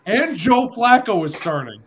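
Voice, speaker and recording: Lively man hosting a sports podcast. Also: sits high, a little slow, a crowd in the background. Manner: animated, laughing, self-deprecating. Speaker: podcast host. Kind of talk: casual sports podcast chat.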